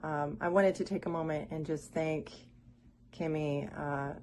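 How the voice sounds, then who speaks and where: A woman from Miami giving a heartfelt, halting testimonial, close to tears. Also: low voice, fairly even intonation, darkish tone. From Miami, Florida. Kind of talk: emotional spoken testimonial.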